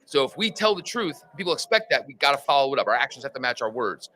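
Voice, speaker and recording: Fire instructor, male, tells stories with lots of pitch swing, bright tone. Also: quick pace, low-quality recording. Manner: animated storyteller, acts out dialogue. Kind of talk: conversational storytelling interview.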